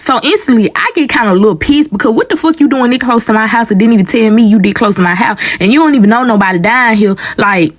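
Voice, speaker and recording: A young woman telling a story casually and animatedly, often addressing the viewers as y'all. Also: mid-range voice.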